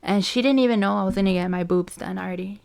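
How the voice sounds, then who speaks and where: A woman's voice: mid-range voice, fast talker, creaky, darkish tone, clean tone. A woman hosting a podcast, telling a personal story in a casual, chatty way, full of "like" and "you know" and free swearing. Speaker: podcast host.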